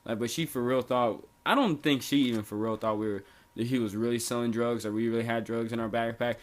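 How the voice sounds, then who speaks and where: A man's voice: medium pitch, fairly even intonation, brisk. A young man casually telling a story from his school days, rambling and slangy with lots of fillers and restarts. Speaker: storytelling vlogger.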